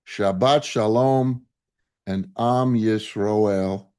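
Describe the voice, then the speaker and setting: A man's voice: on the low side, very slow, a little mellow, clean tone. A man preaching a sermon as a rabbi, indignant and impassioned, asking rhetorical questions.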